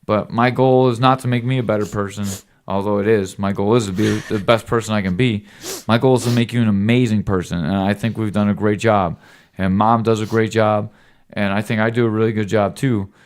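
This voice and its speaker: A man with a lowish voice talks to his son in a casual, rambling fatherly lecture. He is earnest and firm, now and then cussing, and keeps checking in with "right?". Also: steady tone, fairly quick. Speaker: podcast host talking with his son.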